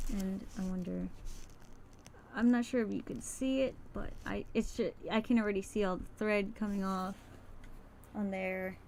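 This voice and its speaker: A woman at a middle pitch talks her way through a casual sewing livestream. She is chatty and rambling, restarting sentences and stumbling over words. A faint noise runs under her voice. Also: darkish tone. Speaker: crafter streaming a sewing demo.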